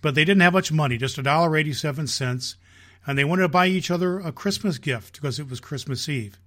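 Jolly slow-talking man as Santa. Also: on the high side, fairly bright tone. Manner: jolly, slow and folksy with filler restarts. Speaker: podcast host playing Santa Claus. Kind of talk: storytelling reading aloud.

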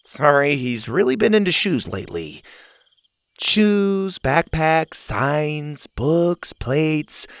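A man voicing an eager young boy in a storybook, bright and quick. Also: fairly high pitch, very animated, creaky, no room sound, pitched above the performer's own voice, full character voice. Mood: apologetic. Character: eager boy who owns a pet T-Rex.

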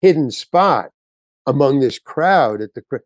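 A man's voice: mid-range voice, measured pace, dry recording. An older man, a guest actor on an interview show, telling a long anecdote and acting out the voices of the people in it. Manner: animated storyteller acting out quotes.

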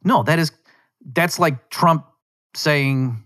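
A man's voice: mid-range voice, moderate pace. A man hosting a podcast, talking through a long, sarcastic, rambling rant and often interrupting himself. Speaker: podcast host. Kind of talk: casual monologue rant.

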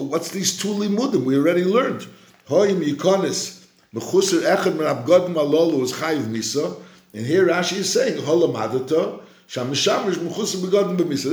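A man teaching a Torah class, his voice sitting a little higher than most men's. He slows down to chant each quoted verse, then reasons through it in a searching way, often restarting his sentences. The room around him rings with a noticeable echo. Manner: chants quoted verses slowly, then explains in quick back-and-forth; frequent restarts and repeated words while reasoning. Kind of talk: Talmudic-style lecture. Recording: roomy echo.

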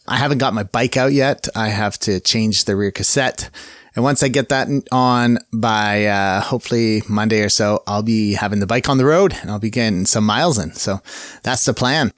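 A man's voice: on the low side, a bit bright, dry recording, clean studio sound. A man hosting his own podcast in a casual solo chat. He rambles in an upbeat way and often corrects himself mid-sentence. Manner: rambling and upbeat, with many fillers and self-corrections. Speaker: podcast host.

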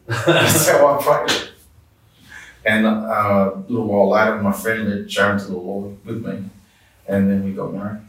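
Heard from a distant mic in an echoey room, a man recounts his faith journey as an interview guest, sincere and conversational, with some restarts. His lowish, slightly bright voice stays steady and unhurried, pausing often, over slight background noise.

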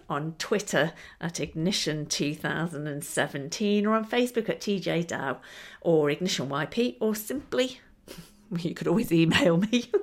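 A woman hosting a storytelling podcast, narrating expressively and laughing now and then. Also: low-pitched. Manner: lively, expressive, laughing between lines. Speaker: storyteller and show host.

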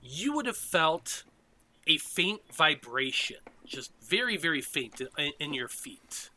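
Bright-voiced man running a tabletop game. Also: on the high side, big pitch swings, a little hiss or hum. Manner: halting, many ums and restarts. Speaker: game master. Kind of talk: narrating a tabletop game over voice chat.

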